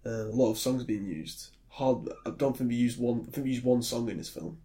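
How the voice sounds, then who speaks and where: A man's voice: mid-range voice, brisk, mellow. A British man co-hosting a casual podcast about films. He rambles, with lots of ums and restarts. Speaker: podcast co-host. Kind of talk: casual film chat.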